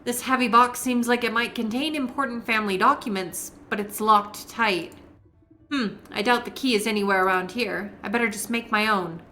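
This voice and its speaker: High-voiced woman musing over a game. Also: normal speed, a little hiss or hum. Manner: relaxed, musing to herself. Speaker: streamer. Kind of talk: live game-stream commentary.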